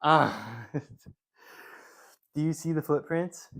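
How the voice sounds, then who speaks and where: Man, slightly higher voice, loose rambling live-stream workout coach who chats with viewers between sets. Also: fairly even intonation, drawn-out words, creaky, a bit bright. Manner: casual, rambling, repeats himself; talks to chat while exercising. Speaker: fitness streamer.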